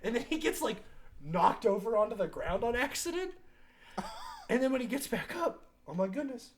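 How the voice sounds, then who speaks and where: Lively young adult, swearing and laughing. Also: medium pitch, moderate pace. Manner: profane, laughs often, acts out quotes. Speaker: podcast host. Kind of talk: casual chat, retelling a movie plot.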